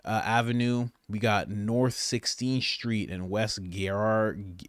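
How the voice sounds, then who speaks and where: A man's voice: lowish voice, steady tone, slow pace, few pauses, no room sound, clean studio sound. A man hosting a political commentary vlog, ranting in an exasperated tone and laughing at his own stumbles.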